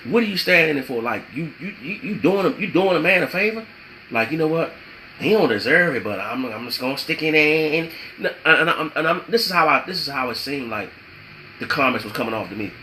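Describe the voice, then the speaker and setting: A man's voice: fairly high pitch, expressive, fairly quick, pushed and bright, a little hiss or hum, low-quality recording. A man giving relationship advice as a vlogger, emphatic and repetitive, slipping into preachy spiritual asides. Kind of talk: preachy motivational talk.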